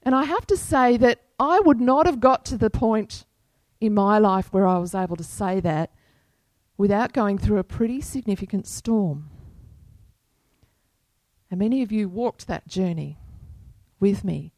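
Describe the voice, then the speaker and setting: Woman pastor, sermon, slow unhurried delivery, earnest, dry close sound. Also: medium pitch, darkish tone, no room sound. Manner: unhurried, earnest preaching with scripture quotes.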